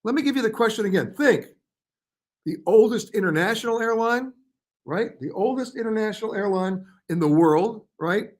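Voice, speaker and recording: A man hosting a live travel show, reading viewer questions and comments aloud and answering them in a chatty way with quick verdicts. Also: high-pitched, animated. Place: hotel or studio in Paris.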